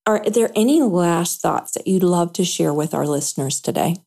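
A woman's voice: fairly low pitch, lively intonation, normal speed, creaky. A woman hosting an interview, speaking directly to the listeners. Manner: warm, addresses listeners directly. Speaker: podcast host.

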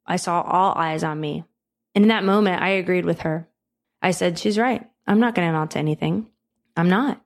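Earnest, encouraging low-voiced woman. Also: vocal fry. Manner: earnest, encouraging, repeats phrases for emphasis. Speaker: podcast host. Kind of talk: motivational podcast talk.

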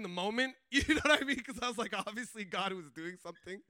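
Bright high-voiced man telling a story. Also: fast talker, hardly any pauses, no echo. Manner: animated, chatty, many filler words, laughs often. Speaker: speaker sharing a faith testimony. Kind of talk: casual storytelling testimony.

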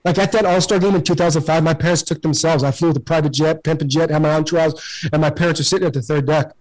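A man's voice: a little high, steady tone, quick pace, low-quality recording. Earnest, emphatic man telling his story. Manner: earnest and emphatic, repeats words when fired up. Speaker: podcast guest, former pro baseball player. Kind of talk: emotional motivational storytelling.

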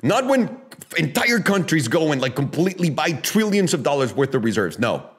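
A man's voice: a little high, big pitch swings, normal speed. A man hosting a casual talk show, ranting emphatically with profanity, sarcasm and rhetorical questions. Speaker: podcast host. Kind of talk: casual opinionated chat.

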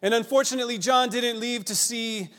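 A man preaching a sermon, retelling stories in an animated way that builds with excitement. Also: very high-pitched, brisk. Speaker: pastor. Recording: long reverb of a church hall.

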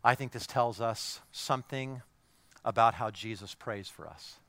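Forceful preaching pastor, man. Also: mid-range voice, a little slow, no echo. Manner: emphatic, repetitive preaching with rising intensity. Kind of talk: sermon.

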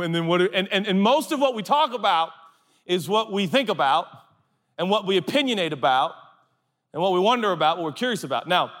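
A man preaching a sermon to a live audience, telling comic stories and acting out voices. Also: a little high. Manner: animated, acts out voices for comic anecdotes. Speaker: pastor. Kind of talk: sermon storytelling. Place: large hall with audience. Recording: long hall reverb.

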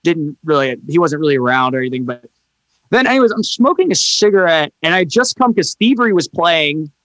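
A man chatting casually as a podcast guest, telling an animated story, acting out quoted people in raised voices and swearing freely. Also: fairly high pitch, fairly quick, no room sound.

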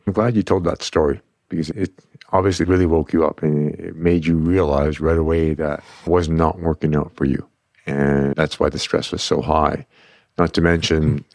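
Male podcast host, very low voice, encouraging, dry sound. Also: little pitch movement, normal speed, darkish tone, dry recording. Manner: encouraging, affirming. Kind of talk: interviewing.

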